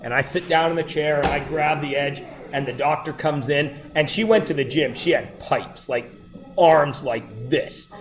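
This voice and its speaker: A middle-aged male teacher telling funny personal stories to his class, animated and breaking into loud exclamations. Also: on the high side, moderate pace, music in the background. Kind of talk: storytelling to a class.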